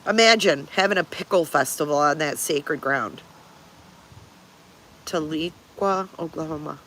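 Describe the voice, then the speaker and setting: A woman's voice: low-pitched, unhurried, a bit bright, slight background noise. Blunt older woman chatting on a livestream. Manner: blunt, swears freely, chuckles often. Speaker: livestream host. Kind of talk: casual livestream chat, answering viewers.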